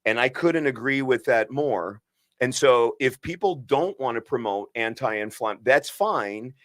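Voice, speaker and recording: An earnest man talks on a podcast at a middle pitch, leaning hard into his points and often breaking off to start again. The recording is dry and close, with no room sound. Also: lively intonation, unhurried, a bit bright, no room sound. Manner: earnest and emphatic, with many restarts and asides. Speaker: podcast co-host and physician. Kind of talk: impassioned podcast conversation.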